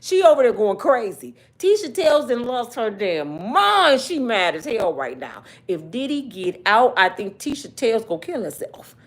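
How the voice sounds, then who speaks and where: A woman's voice: on the high side, sing-song, moderate pace, few pauses. A woman doing casual comedic commentary, joking and cussing as she talks to her viewers. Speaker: YouTube commentator.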